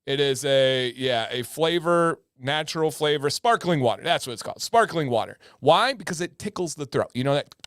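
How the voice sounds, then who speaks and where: A man's voice: fairly high pitch, expressive, normal speed, a bit bright, no echo, studio quality. A man hosting a casual livestream, chatty and joking, greeting viewers by name, with a slightly sore throat. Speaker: livestream host.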